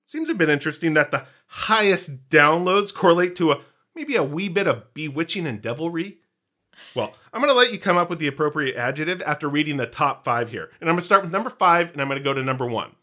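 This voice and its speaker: A man's voice: fairly high pitch, big pitch swings, fast, sharp tone. A man co-hosting a casual podcast, playful and jokey, slipping into hammy pirate bits. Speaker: podcast co-host. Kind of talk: casual chat.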